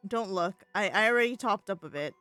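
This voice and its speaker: A young woman streaming a game from home on a desk mic, chatting casually in an excitable, emotional way and laughing often. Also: medium pitch, moderate pace, dry recording, soft background music.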